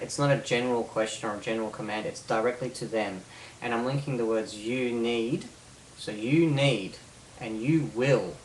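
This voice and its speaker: A man's voice: medium pitch, a little hiss or hum. Man, hypnosis instructor, explanatory, repeats himself, distant mic, roomy echo. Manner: explanatory, repeats phrases, rhetorical questions. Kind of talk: instructional video.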